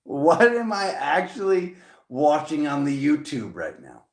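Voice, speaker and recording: A man's voice: a little high, very animated, unhurried. A man giving a casual, chatty tarot reading to camera. He rambles playfully, with jokey asides and laughter. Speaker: tarot reader. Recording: echoey room.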